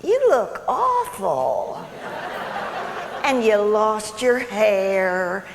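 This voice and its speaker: A woman's voice: mid-range voice, big pitch swings, extremely slow, heavily acted. Woman playing a gushing, tactless hospital visitor. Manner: chattering, stammering, self-absorbed. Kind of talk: comic stage monologue. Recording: echoey hall, faint room noise.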